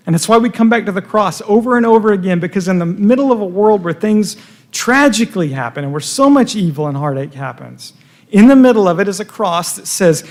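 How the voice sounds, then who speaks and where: A man's voice: sits high, animated, brisk, a little mellow. A man preaching a sermon in a church, earnest, stumbling over repeated words, his voice rising and falling with feeling. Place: church sanctuary.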